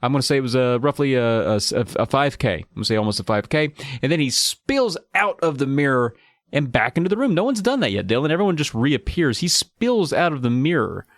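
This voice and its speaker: A man's voice: mid-range voice, big pitch swings, brisk, no echo, studio quality. A man co-hosting a podcast, recapping a book plot in a wry, joking way. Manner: wry, jokey retelling. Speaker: podcast co-host. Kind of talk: casual book discussion.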